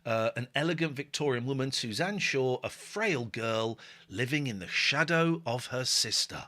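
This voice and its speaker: Lively, bright-voiced male host. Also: medium pitch, moderate pace. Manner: animated, joking, blunt and sweary. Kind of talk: casual chat show.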